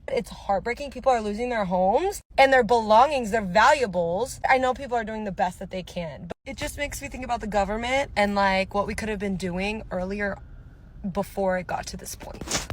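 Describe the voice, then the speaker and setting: A woman's voice: mid-range voice, moderate pace, no echo. A woman talking casually to camera, exasperated and full of rhetorical questions. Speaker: social media commentator.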